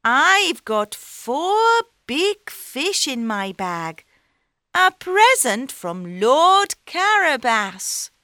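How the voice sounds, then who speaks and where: A woman voicing a clever male talking cat in a storybook, high-pitched and excitable. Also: extremely slow, no room sound, studio quality, full character voice. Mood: eager. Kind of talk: storybook reading.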